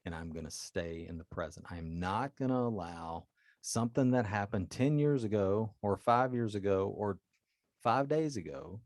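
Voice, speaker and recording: A man's voice: on the low side, animated, moderate pace, no room sound, clean studio sound. A man hosting a solo advice podcast as a life coach, talking earnestly and directly to his listeners.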